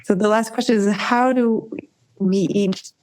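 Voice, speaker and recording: A podcast host asking a guest a closing question and murmuring softly while listening. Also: mid-range voice, steady tone, measured pace, poor audio. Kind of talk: interview.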